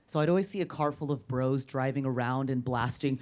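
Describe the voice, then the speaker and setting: A deep-voiced female comedian from Orange County doing playful, self-deprecating crowd work on a comedy club stage with a handheld mic. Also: fairly quick, hardly any pauses. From Orange County, California. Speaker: stand-up comedian. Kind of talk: stand-up comedy set. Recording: live club with audience noise.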